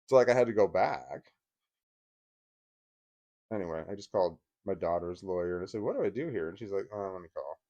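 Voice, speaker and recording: A middle-aged man telling a personal story in a casual, rambling way, with many restarts and short laughs, getting louder and higher as he gets worked up. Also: lively intonation, a little fast, long pauses, highs cut off. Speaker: vlogger.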